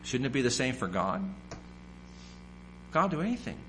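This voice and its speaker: A man's voice: mid-range voice, animated, moderate pace, pauses often, fairly bright tone, a little hiss or hum. A man preaching a sermon, emphatic and repetitive, firing off rhetorical questions.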